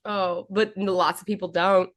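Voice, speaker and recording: A woman with a Texan accent talks as a guest on a casual podcast, her voice at a middling pitch. She is animated and gossipy and laughs easily as she chats. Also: moderate pace, no room sound. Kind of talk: casual chat.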